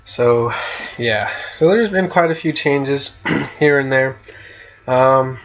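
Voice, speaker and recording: Male YouTuber, mid-pitched, easygoing and chatty, hiccupy, somewhat muffled recording. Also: takes it slowly, fairly bright tone. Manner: laid-back, chatty, with fillers and little laughs. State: has the hiccups. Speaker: gaming YouTuber. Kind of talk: casual commentary on competitive play.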